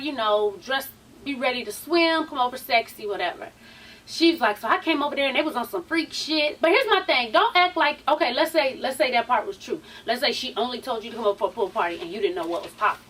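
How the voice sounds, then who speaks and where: A woman's voice: a little high, a bit bright, slightly rough, far from the mic. A woman hosting a casual recap vlog, chatty and sassy, swearing freely and calling her viewers "honey". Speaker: YouTube TV show recap host.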